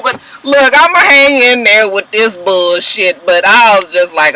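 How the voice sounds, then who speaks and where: A woman vlogger, recapping a reality show in an animated, profane way and acting out the people in it. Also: mid-range voice, a little slow, hardly any pauses, low-quality recording. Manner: animated, profane, acts out every character. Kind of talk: casual recap with acted-out quotes.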